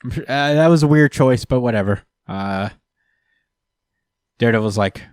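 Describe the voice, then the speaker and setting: A man co-hosting a comics podcast at a middling pitch. He recaps the story loosely with lots of fillers and playful quoted voices. The sound is close and dry. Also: unhurried, long pauses, darkish tone, clear, resonant tone, no echo. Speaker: podcast co-host. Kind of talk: casual comics discussion.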